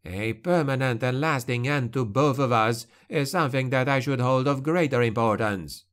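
A man's voice: medium pitch, moderate pace, natural voice. A man voicing a bitter, fearful male necromancer in an audiobook, speaking sharply. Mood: testy. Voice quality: sharp, snapping.

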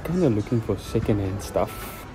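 A man's voice: lowish voice, expressive, moderate pace, over music. A young man, rambling casually and swearing freely in a vlog. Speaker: vlogger. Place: in a car, then inside a store.

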